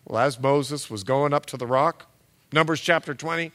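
A male pastor preaching a sermon, telling stories with lively acted-out quotes and emphatic, loud peaks. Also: on the high side, moderate pace. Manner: animated storytelling with acted-out quotes.

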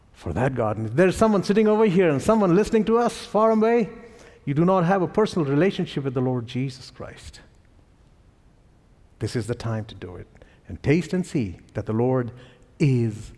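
A man's voice: mid-range voice, normal speed, long pauses. A man with an Indian accent preaching a sermon, telling stories with chuckles between lines. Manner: animated storytelling with chuckles. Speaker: pastor. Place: church sanctuary. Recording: reverberant church hall.

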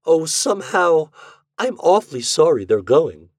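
A kindly married woman speaks softly, with a gentle, pleading warmth, as a male storyteller puts her on. The voice is raised well above his own register and rises and falls with feeling. She is a figure in a storybook reading. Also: fairly high pitch, big pitch swings, measured pace, dry recording, clean studio sound, voice pushed up, full character voice. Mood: tender.

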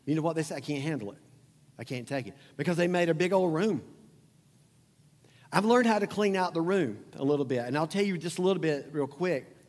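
Joking, chatty pastor in a reverberant hall. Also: male voice, on the high side, a little fast, a little mellow. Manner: conversational preaching, asks the crowd questions, jokes. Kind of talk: sermon.

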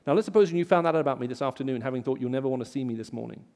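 A man with an English accent, raised in the Middle East, preaching a sermon in an auditorium and telling stories, rising loud for emphasis. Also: mid-range voice, very fast, big-room sound. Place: large auditorium.

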